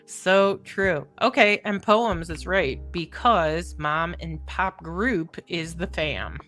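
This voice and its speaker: A middle-aged woman works through a crossword aloud at an unhurried pace. She muses, questions herself and laughs easily, over faint background music. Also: fairly low pitch, animated, a bit bright. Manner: musing, self-questioning, quick to laugh. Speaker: crossword solver. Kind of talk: thinking aloud while solving a puzzle.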